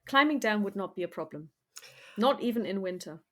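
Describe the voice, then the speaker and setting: A woman narrating a tabletop role-playing game as game master, descriptive, with frequent ums and soft asides. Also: mid-range voice, lively intonation, a little fast.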